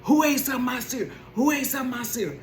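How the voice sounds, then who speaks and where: A woman voicing a petty, whiny teenage boy who is loudly indignant about his cereal. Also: sits high, lively intonation, fast talker, slight background noise, pitched above the performer's own voice. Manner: loud and indignant. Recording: roomy bedroom echo.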